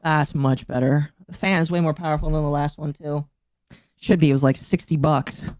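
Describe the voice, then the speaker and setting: A woman's voice: deep voice, steady tone, normal speed, darkish tone, dry recording. A woman streams from home and chats loosely to her viewers, giggling as she rambles. Her throat keeps catching with coughs. The sound is close and dry. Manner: giggly, rambling, talks to chat. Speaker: streamer reacting to a video. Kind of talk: casual live-stream chat.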